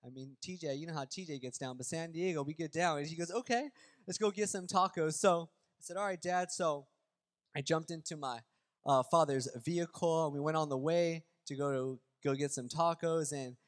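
A man pastor who prays quietly, then tells a story and preaches with growing force. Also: fairly high pitch, moderate pace, big-room sound. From Southern California. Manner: storytelling, acts out dialogue. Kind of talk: sermon.

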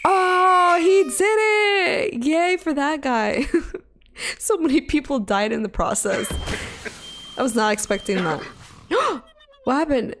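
A young woman hosting a gaming channel, giving excitable gameplay commentary with frequent squeals and gasps over game music. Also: high voice, takes it slowly, long pauses, slight background noise. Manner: squeals, gasps and laughs often.

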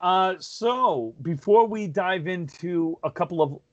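A man's voice: high-pitched, animated, slow, muffled recording. A man hosting a podcast in casual chat, self-deprecating and rambling with restarts, talking over a video call. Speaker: podcast host.

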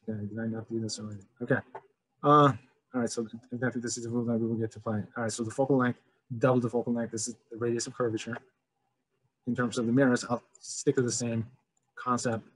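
A man giving a relaxed physics lesson, thinking aloud as he walks through diagrams. His voice is mid-pitched and sits close and dry on the mic, with no room sound. He keeps restarting with "all right" and "okay". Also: no room sound, rough recording. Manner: loose, conversational, many "all right" restarts. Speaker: physics teacher. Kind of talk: casual lecture over slides.

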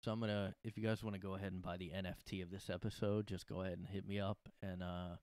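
Low-voiced man rambling sarcastically. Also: flat delivery, quick pace, a little mellow, smooth, no room sound. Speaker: podcast host. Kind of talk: casual comedic monologue. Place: his room at home.

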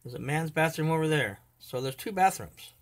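A man's voice: fairly high pitch, expressive, normal speed. Blunt man hosting a reaction video. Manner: blunt, profane, addresses viewers directly. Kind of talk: casual reaction commentary.

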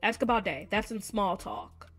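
A woman hosting a gaming video, chatting casually to viewers and reading game text aloud in an expressive way. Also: mid-range voice, normal speed, soft background music. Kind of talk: casual let's-play commentary to viewers.

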